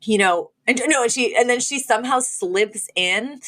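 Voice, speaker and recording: A woman's voice: on the high side, normal speed, fairly bright tone. A woman co-hosting a podcast, recapping an episode in casual chat, full of fillers and laughs. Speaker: podcast co-host.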